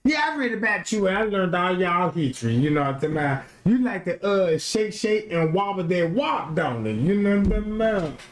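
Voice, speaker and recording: A young man hosting a casual livestream rants at a moderate pace in a high-pitched voice. He's animated and keeps slipping into mocking impressions, and the audio sounds roomy.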